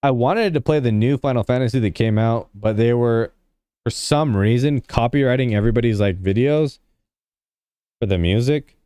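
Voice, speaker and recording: A young man on a livestream, chatting loosely with his viewers and padding his sentences with "like". His voice is smooth and resonant. The sound is close and dry, with no room around it. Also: medium pitch, moderate pace, warm tone, no room sound. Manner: rambling, heavy use of "like" fillers; laid-back, talks to chat. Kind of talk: casual livestream chat with viewers.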